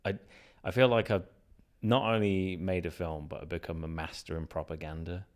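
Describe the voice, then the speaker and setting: A man with a notably deep, low-pitched voice talks as a guest in a relaxed conversation. He tells stories with animated energy, laughs readily and drops the odd curse word. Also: normal speed. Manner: animated, laughing, swears casually. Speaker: guest filmmaker. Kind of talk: casual chat.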